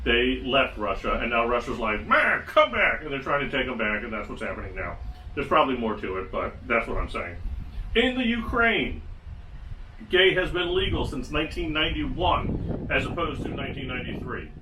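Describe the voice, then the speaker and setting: A man's voice: medium pitch, animated, moderate pace, pushed and bright, a little hiss or hum. A man hosting his own podcast, talking through a casual solo commentary with sarcastic, wry asides. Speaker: podcast host. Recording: echoey room, mic at a distance.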